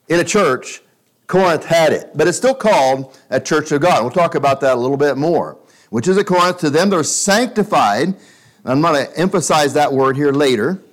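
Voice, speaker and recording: Conversational preacher teaching verse by verse. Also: male voice, fairly high pitch. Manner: conversational, reads scripture then comments with restarts. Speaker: pastor. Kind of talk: expository Bible-study sermon. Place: small church room with listeners.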